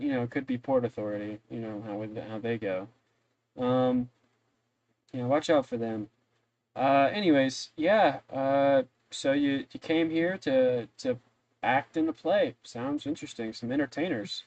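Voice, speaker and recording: A man's voice: mid-range voice, big pitch swings, moderate pace, creaky, a little mellow, highs cut off. A man voicing a friendly, gossipy woman innkeeper who rambles with many fillers. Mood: chatty.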